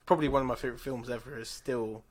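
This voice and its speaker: A man's voice: medium pitch, steady tone, racing. Blunt man, casual podcast chat. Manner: blunt, laughs at his own stories. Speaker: podcast co-host.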